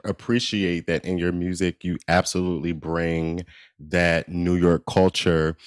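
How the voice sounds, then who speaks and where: A man hosting a podcast, asking questions slowly and affirming his guest. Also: low voice, flat delivery, dry recording, clean studio sound. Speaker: podcast host. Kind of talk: casual interview.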